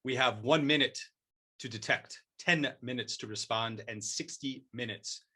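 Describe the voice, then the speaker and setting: Man doing a grave, self-important martial arts master, soft-spoken and measured, with a bright, forceful edge to the voice. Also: mid-range voice, slightly rough. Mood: lecturing. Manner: mock-solemn, measured, hushed delivery. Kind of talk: improvised comic role-play.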